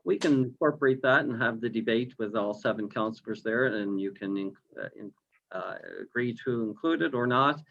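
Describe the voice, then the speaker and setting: A man's voice: mid-range voice, moderate pace, a bit bright, slight background noise. A man who is mayor, explaining his view in a council meeting with many hesitations. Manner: hesitant, many ums and uhs. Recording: dull lo-fi call audio.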